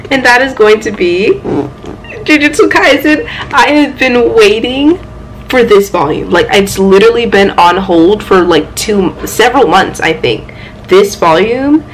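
A young woman chatting casually at home about her manga haul, excitable and playful, with loud exclamations and quick asides. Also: mid-range voice, slight background noise, rough recording. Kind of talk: casual chat.

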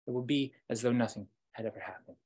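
A man voicing a scheming villain king with a husky voice, speaking slowly and threateningly. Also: mid-range voice, a little mellow, close to an everyday voice. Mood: menacing.

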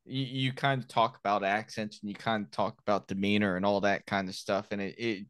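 A man's voice: on the low side, level tone, a little fast, clear, resonant tone, no echo, studio quality. A man in his thirties from Miami, a former Marine hosting a podcast, talking frankly and rambling with many restarts. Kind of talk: casual podcast chat.

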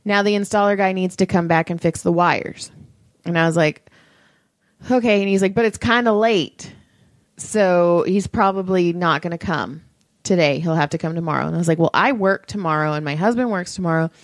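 A woman's voice: on the low side, normal speed, no echo. Chatty woman telling a story, dry sound. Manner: chatty, laughs easily, playful. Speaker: podcast co-host. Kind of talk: casual chat, storytelling.

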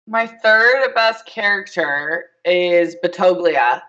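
A man talking as a panel guest, gushing and quick to laugh. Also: high voice, highs cut off. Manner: gushing, animated, laughs easily. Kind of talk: casual panel chat.

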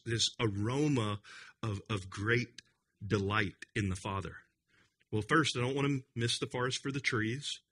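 Male pastor, conference sermon, emphatic delivery, bright forward tone with a husky edge. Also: mid-range voice. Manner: earnest, emphatic, with frequent restarts and repetitions. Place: conference hall.

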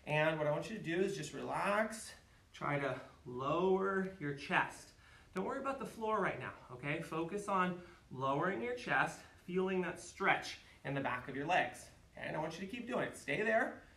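Man teaching martial arts, lively pitch, bright voice, echoey room, mic a bit far. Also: moderate pace, vocal fry. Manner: energetic, calls counts and shouts kiai yells. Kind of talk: live online class instruction.

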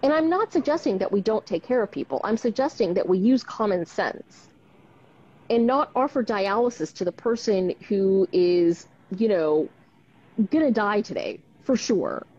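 A woman doctor chats frankly and animatedly on a live stream, often ending her sentences with tag questions. Her voice is medium-pitched, slightly mellow, and husky at normal speed, heard through a video-call mic in dull, lo-fi live stream audio.

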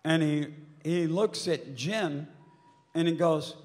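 An older man, a convention panel guest, tells an animated story to the crowd at a slow pace in a slightly high voice. He swears and shouts at the peaks, and his handheld stage mic rings out with a long hall reverb.

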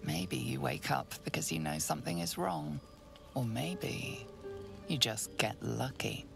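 A deep, gravelly game narrator, very slow, over loud music. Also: female voice, heavily acted. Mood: ominous. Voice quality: gravelly, low. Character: ominous female storyteller narrator. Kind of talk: scripted narration.

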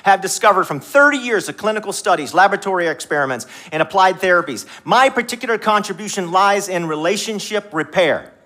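A male pastor preaching a sermon in a church, conversational and animated, rising high for emphasis and dropping to a hushed voice. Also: brisk, hardly any pauses. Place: church sanctuary.

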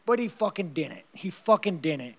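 Man, fighter, press conference, profane, blunt, rambling, laughs a lot, higher-pitched voice. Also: very animated, moderate pace, a bit bright.

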